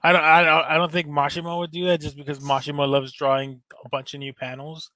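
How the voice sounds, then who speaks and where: A man co-hosting a casual podcast in a joking, slangy, laid-back way, with a bit of swearing. His voice is fairly high and very bright and forceful. It sounds dry and close, with almost no room around it. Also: flat delivery, fast, no room sound. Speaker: podcast co-host. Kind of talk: casual chat.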